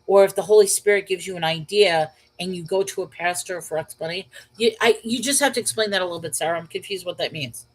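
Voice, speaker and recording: A woman with a somewhat low voice hosts a casual Bible study livestream from home, speaking into a desk mic. She talks things through aloud, pausing on fillers and restarting her sentences as she responds to viewers. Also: low-quality recording. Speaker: livestream host reading chat. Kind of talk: casual live chat about Bible study.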